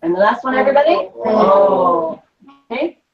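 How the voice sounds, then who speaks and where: A woman teaching a Spanish class, slowly dictating words and spelling them out letter by letter, with patient repetition. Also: fairly high pitch, expressive, crowd noise. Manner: slow, patient, repeats each word and letter. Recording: distant, dull lo-fi classroom recording.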